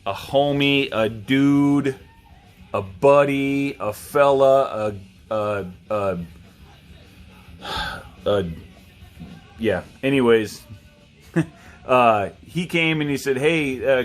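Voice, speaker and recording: A man who has clearly had a few drinks hosts his own review video. He drawls slowly, swears constantly and cracks jokes at his own expense. Faint music plays somewhere behind him. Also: medium pitch. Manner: drunk, rambling, profane, self-mocking. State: tipsy. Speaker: knife review vlogger. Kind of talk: rambling casual chat.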